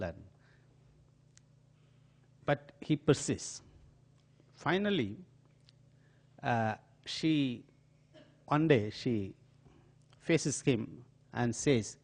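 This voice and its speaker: A man's voice: mid-range voice, very slow, pauses often. An older man with an Indian accent, giving a lecture full of dramatically told stories in an auditorium. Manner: animated, dramatic storytelling. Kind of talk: storytelling lecture.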